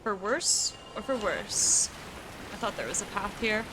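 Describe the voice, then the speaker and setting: This young streamer from the U.S. East Coast talks casually with her chat as she plays, often laughing and cursing in passing. She speaks at a measured pace in a mid-range voice with big swings in pitch, over some background noise.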